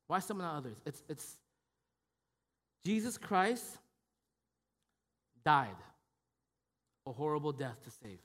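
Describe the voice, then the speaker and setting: A man's voice: fairly high pitch, sing-song, slow pace, long pauses, fairly bright tone. A man preaching a sermon as pastor, in a conversational style with frequent "right?" tag questions and restarts. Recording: long hall reverb.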